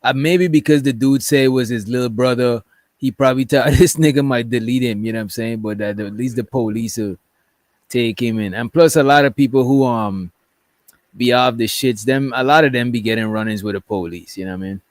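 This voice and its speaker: A commentary streamer with a mid-range voice talks briskly on a casual livestream, reading text messages aloud in a rambling way. He keeps checking in with "right?", and the audio has no echo.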